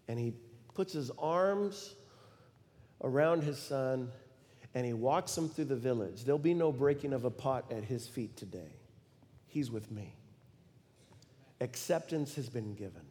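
A middle-aged man preaching a sermon, telling a story in an animated way and acting out the quoted lines with sudden loud bursts. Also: mid-range voice, measured pace, long pauses. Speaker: pastor. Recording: long reverb of a large hall.

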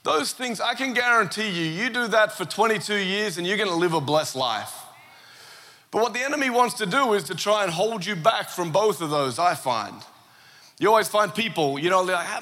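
An Australian man preaching a lively sermon, telling a story with asides and humor. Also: high voice, moderate pace. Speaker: pastor. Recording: long church hall reverb.

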